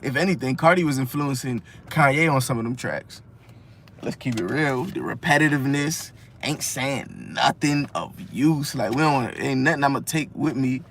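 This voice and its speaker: A man's voice: medium pitch, normal speed, a bit bright, slight background noise. A man giving a casual, rambling music review monologue, full of slang, restarts and fillers.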